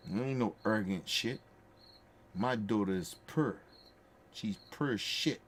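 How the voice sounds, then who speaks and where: Low-voiced man, emphatic casual storytelling. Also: slow pace, a little hiss or hum. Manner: emphatic, repetitive, profane, heartfelt. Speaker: podcast host.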